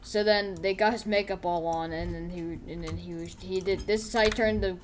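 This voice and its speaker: A woman's voice: on the low side, steady tone, fairly quick, slight background noise. A woman giving goofy, rambling commentary over a sandbox game, making up a story as she plays. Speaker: gameplay commentator. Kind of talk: casual gameplay commentary. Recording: keyboard typing and clicks audible.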